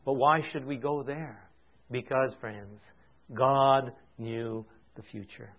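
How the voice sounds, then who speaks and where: An older man preaching a storytelling sermon, swinging from loud and excited to soft and hushed. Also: on the high side. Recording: tinny phone-like sound.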